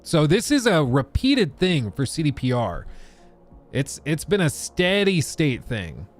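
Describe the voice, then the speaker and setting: A man's voice: on the high side, a little slow. A man hosting a casual livestream, ranting about games and answering chat. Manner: ranting, animated, reads chat aloud. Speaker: livestream host. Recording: faint music behind.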